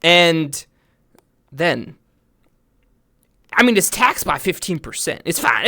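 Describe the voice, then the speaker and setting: A man's voice: on the high side, very animated, takes it slowly, creaky, pauses often, sharp tone. A young man chatting casually on a live stream, joking loosely and swearing freely.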